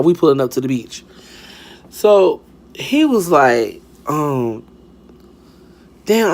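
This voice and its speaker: A young man telling a casual storytime, sassy and dramatic, swearing freely and acting out the dialogue. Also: a little high.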